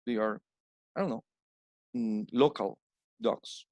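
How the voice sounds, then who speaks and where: A Colombian man whose first language is Spanish, teaching English plurals in a slow recorded slide lesson and repeating each word for drill. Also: medium pitch, a little mellow, no room sound. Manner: repeats words slowly with stressed drills.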